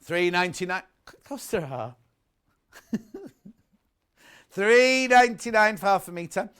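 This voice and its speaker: A man's voice: sits high, lively intonation, unhurried, fairly bright tone, clean tone. A middle-aged British man presenting live on a shopping channel, chatting and gossiping between products and viewer messages. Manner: chatty, gossipy, rambling asides. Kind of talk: live selling chat, reading viewer messages.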